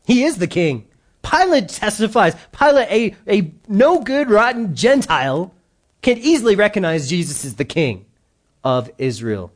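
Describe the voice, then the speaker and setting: Animated male pastor preaching. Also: sits high, measured pace. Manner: animated, acts out quoted voices. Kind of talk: sermon.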